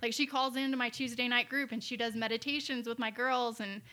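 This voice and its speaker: A woman's voice: a little high, fairly even intonation, a little fast, sharp tone. A woman on a podcast, talking casually and eagerly in long run-on stories. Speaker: podcast guest. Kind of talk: casual conversation.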